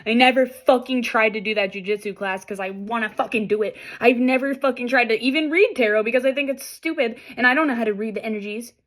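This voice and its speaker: Talking fast with few pauses in a voice on the high side, this young tarot reader addresses her audience directly. The reading is lively and casual, and she curses freely throughout.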